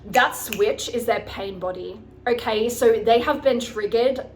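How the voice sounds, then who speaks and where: Over a faint hiss or hum, a woman with a fairly high pitch speaks unhurriedly as a life coach. Her advice is casual and blunt, peppered with swearing, and she repeatedly asks her viewers "okay, guys?"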